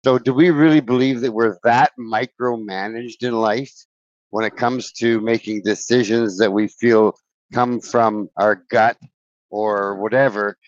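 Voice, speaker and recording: Lowish male host, reflective and musing, dry lo-fi podcast audio. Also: steady tone, unhurried, no echo. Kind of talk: casual chat.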